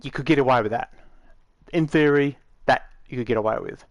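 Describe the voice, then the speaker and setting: A man of middle pitch talks through a tutorial in a loose, rambling way, full of fillers and restarts. His tone stays matter-of-fact. The sound is dry and close, with no room around it. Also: fairly quick, no echo. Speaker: game tutorial maker. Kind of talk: casual screen-recorded tutorial.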